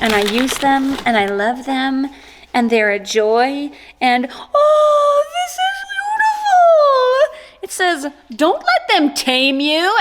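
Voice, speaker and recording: A woman chatting casually in a vlog while unboxing gifts, gushing and exclaiming with delight, recorded on a camera-mounted mic. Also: medium pitch. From USA. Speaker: small business owner unboxing gifts. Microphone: microphone mounted on the camera.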